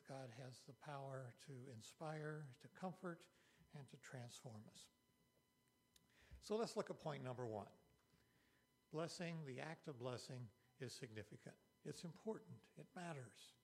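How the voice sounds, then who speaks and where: A man's voice: fairly high pitch, slightly rough. A man preaching a sermon as pastor, earnest and emphatic, repeating key phrases for weight.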